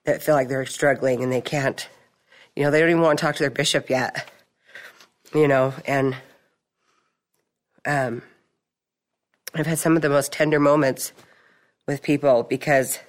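A middle-aged woman sharing her testimony at a recovery meeting, telling stories in a chatty, animated way. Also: rumbling low, moderate pace, long pauses. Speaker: support group member.

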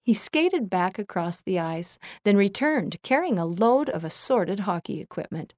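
A woman reading a children's story aloud with clear, measured narration. Her voice sits in an ordinary middle range, recorded close and dry with no room echo. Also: mid-range voice, expressive, a little mellow.

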